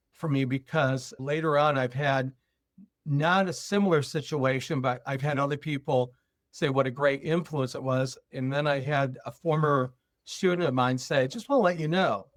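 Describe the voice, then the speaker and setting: Recounting a personal story as a podcast guest, a man with a fairly high-pitched voice plays both parts of a remembered dialogue in an animated retelling. The sound is dry and clean, recorded in a studio.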